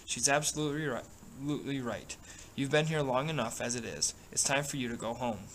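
Guy reading as tired strict officer dad, quiet and serious, normal middle pitch. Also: fast, a little hiss or hum, lightly acted, poor audio. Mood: resolved. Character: stern, weary German officer father.

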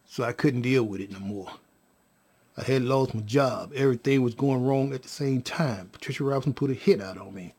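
A man telling his own story to viewers in an emotional, animated way, addressing them as y'all with casual slang. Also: medium pitch, a little fast, husky. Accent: Californian.

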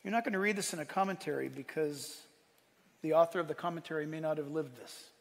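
A man preaching a sermon, lively, acting out quotes and asking his listeners questions. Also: a little high, fast talker, gravelly, big-room sound. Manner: animated preaching, acts out quotes, asks the room. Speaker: pastor.

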